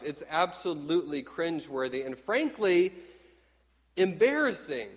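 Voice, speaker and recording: A middle-aged man from Texas preaching a sermon in a lively, conversational way, often acting out quotes. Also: on the high side, big-room sound. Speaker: pastor.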